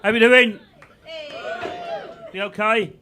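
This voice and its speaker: A man's voice: high voice, steady tone, takes it slowly. A man in his sixties with a Birmingham accent, doing a dry, sweary, self-mocking stand-up set on a comedy club stage. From Birmingham, England. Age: 60s. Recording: live club mic with crowd noise.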